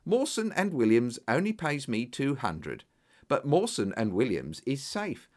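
An earnest young clerk, modest and a little taken aback, as a male narrator reads him, with a voice that swings widely in pitch. The delivery is plain and sincere, in a storybook telling. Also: wildly swooping pitch, measured pace, darkish tone. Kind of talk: audiobook character voice.

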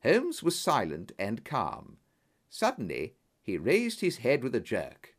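A man narrating an audiobook in an expressive storytelling manner. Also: mid-range voice, slow.

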